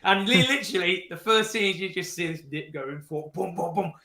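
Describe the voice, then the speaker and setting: Lively man telling a story, echoey. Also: sits high, a little fast, creaky. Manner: animated storyteller, laughing through anecdotes. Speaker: podcast co-host. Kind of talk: casual chat.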